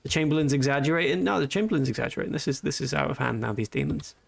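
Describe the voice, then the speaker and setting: A man's voice: on the high side, racing, creaky. A man giving joking, rambling live commentary over a game. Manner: joking, rambling, cheeky asides. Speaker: streamer. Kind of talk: casual live stream commentary.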